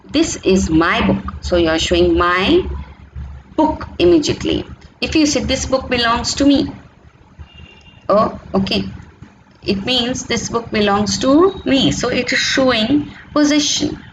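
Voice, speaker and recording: Woman teaching grammar over background noise. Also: medium pitch. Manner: explanatory, repeats key points, frequent "okay?" checks. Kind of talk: online grammar lesson.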